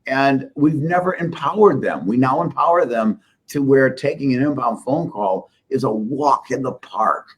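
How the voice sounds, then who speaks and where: A man's voice: medium pitch, lively intonation, normal speed, few pauses, breathy edge. A middle-aged man, a company CEO, telling rambling, self-deprecating business stories in a casual interview. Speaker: software company CEO, guest.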